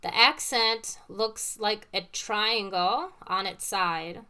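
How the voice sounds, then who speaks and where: Between phrases played on the piano, a woman patiently teaches, using everyday comparisons in a casual lesson with demonstrations. She speaks slowly in a mid-range voice that is sharp, clear, and resonant.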